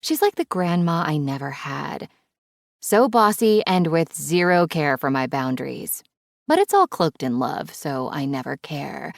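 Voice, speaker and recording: A woman's voice: deep voice, lively intonation, unhurried, creaky, no room sound, clean studio sound. A woman narrating a romance audiobook in first person, wry and conversational.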